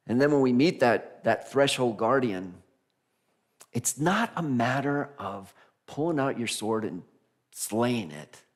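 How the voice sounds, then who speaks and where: A man minister preaching a conversational Sunday sermon, animated and laughing as he acts out the voices of figures in his stories. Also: mid-range voice. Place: church sanctuary.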